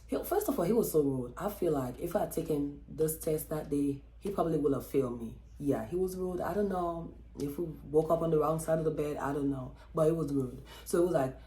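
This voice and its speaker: A woman vlogger telling a personal story in a chatty, expressive way, with lots of fillers and acted-out quotes. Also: low-pitched, brisk, hardly any pauses, roomy sound, a little hiss or hum. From Texas. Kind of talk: casual storytelling vlog.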